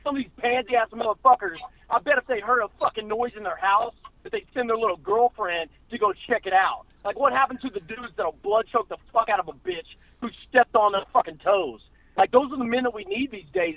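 A man holds forth on a podcast in a boastful, profane comic rant, all macho bluster. His voice sits high for a man and crackles with gravel. The sound is close and dead dry. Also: fairly bright tone, dry recording. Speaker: podcast co-host.

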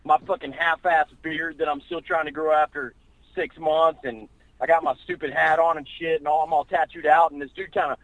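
A man's voice: fairly high pitch, fairly even intonation, moderate pace, fairly bright tone, dry recording, rough recording. A man in a podcast co-hosting chat, telling a boastful story and ranting in a brash, profane, macho way. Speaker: podcast co-host. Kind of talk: boastful comic rant.

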